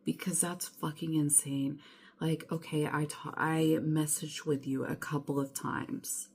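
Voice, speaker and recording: A young woman vents in a bedroom vlog, exasperated, swearing constantly and packing her sentences with "like." Her voice is low and even in tone, a touch slow, somewhat mellow and slightly rough.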